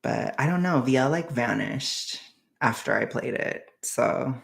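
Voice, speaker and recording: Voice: mid-range voice, lively intonation, measured pace, vocal fry. A young streamer giving casual reaction commentary, chatty and self-deprecating, often giggling.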